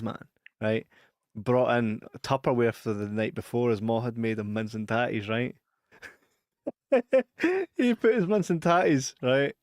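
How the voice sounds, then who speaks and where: A man's voice: mid-range voice, dry recording. Scottish male co-host, giggly storyteller, dry booth sound. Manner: laughs through his stories, shrieks impressions. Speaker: podcast co-host. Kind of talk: casual chat.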